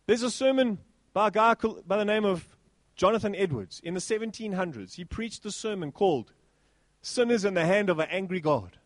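A man preaching a sermon in church, animated and exclaiming, with sweeping swings in pitch. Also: a little fast, no echo. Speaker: pastor.

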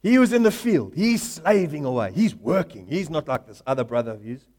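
A man with a high voice delivers a sermon. He builds to loud, emphatic runs of questions and answers, and slips into the voices of the characters in the story he is telling. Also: big pitch swings, brisk. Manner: rising to loud emphatic call-and-response; acts out Bible characters in quoted voices. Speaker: pastor.

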